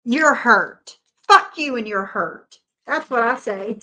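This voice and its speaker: A woman hosts a live stream and cuts into the row bluntly, swearing freely. Her voice is high and sharp-edged. She lays out her view in plain, hard terms. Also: lively intonation, slow pace. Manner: blunt, profane, sides with the others.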